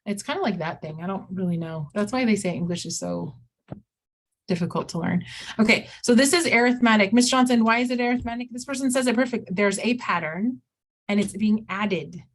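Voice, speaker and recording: A woman's voice: mid-range voice, brisk. A woman teaching an online math class, chatty, often acting out her students' questions in a livelier voice.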